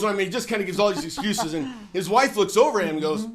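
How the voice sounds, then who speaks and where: Animated, high-voiced man telling a joke. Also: fast talker, hardly any pauses, a little hiss or hum. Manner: folksy, animated storyteller with lots of fillers. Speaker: host; former pastor. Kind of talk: casual chat with joke telling.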